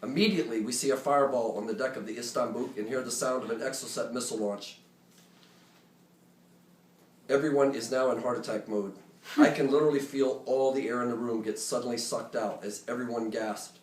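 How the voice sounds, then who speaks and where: Man telling a story to a live audience. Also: mid-range voice. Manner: conversational, animated, joking asides. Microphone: phone or camera recording from the room. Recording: roomy, distant, faint ambience.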